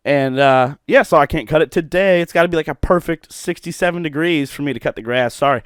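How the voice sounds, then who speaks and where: A man's voice: medium pitch, fast talker, hardly any pauses, smooth, no room sound, studio quality. A middle-aged man from Ohio hosting a solo podcast, rambling, swearing and mocking himself. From Ohio, USA. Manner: rambling, profane, self-mocking. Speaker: podcast host.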